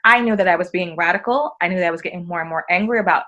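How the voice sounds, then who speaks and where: A fairly low-pitched woman talks very fast over dull audio. An American podcast guest, she tells casual, conversational stories with animation, playing out the quoted dialogue.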